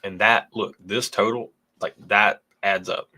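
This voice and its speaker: Bright-voiced, low-pitched man chatting casually. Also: steady tone, unhurried. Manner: laid-back, joking, chatty. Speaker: whiskey channel co-host. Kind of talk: casual livestream chat reading donations.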